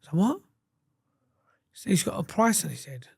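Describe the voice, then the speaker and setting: He's an English podcast guest with a high, gravelly, slightly rough voice who talks fast. In casual chat he tells blunt stories laced with swearing, animated and constantly restarting. The studio-quality recording has no echo.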